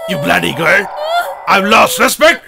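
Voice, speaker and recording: A man dubbing a film role, rude and bullying, often shouting. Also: high-pitched, lively intonation, measured pace, gravelly, exaggerated voice. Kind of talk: film dub. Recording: film soundtrack with music.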